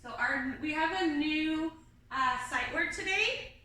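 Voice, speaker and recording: A woman teaching a kindergarten class online, talking slowly and patiently and singing simple learning songs. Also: high-pitched, pushed and bright, distant mic, slight background noise. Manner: patient, sing-song teacher talk. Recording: very echoey room, off-mic.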